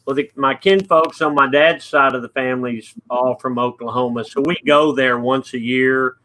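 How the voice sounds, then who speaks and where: A man's voice: mid-range voice, steady tone, moderate pace, bright, forceful tone, slight background noise. A man hosting a casual interview and telling stories in an easygoing way. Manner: easygoing storyteller. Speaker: host.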